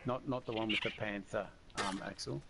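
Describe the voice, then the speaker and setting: A man's voice: on the low side, fairly even intonation, fairly quick, vocal fry. A man chatting casually on voice chat during a game stream, telling long rambling anecdotes. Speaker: friend on voice chat. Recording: noisy voice-chat audio.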